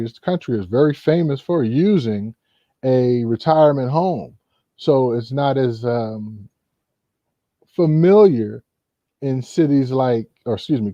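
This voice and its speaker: A man's voice: medium pitch, mellow, no echo. A man hosting a casual commentary, rambling with many fillers. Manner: rambling, full of "you know" fillers. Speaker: host. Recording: dull, lo-fi.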